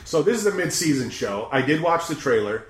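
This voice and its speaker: A man's voice: fairly high pitch, a little fast. Middle-aged male podcast co-host, wry and foul-mouthed, echoey room. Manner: profane, wry and animated. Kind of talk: casual chat, TV season preview.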